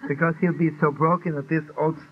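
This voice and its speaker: Man, animated storyteller voicing the characters, old tinny recording with hiss. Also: on the high side, fairly quick. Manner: animated storyteller, acts out dialogue, laughs often. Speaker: rabbi telling a Hasidic story. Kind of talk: storytelling talk.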